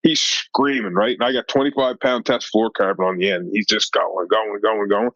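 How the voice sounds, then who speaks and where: A man who works as a fishing guide, telling a story in a casual podcast chat. He is animated and acts out the dialogue, with a lot of "like" and "right?". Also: on the low side, moderate pace, no room sound. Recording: dull lo-fi dry sound.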